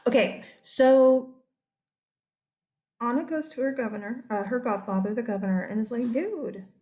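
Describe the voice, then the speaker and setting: A chatty woman teacher walks her class through a history lesson over slides. Her voice sits on the higher side, and she keeps checking in with her listeners as she goes. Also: normal speed. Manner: chatty, animated, often checks in with "okay?".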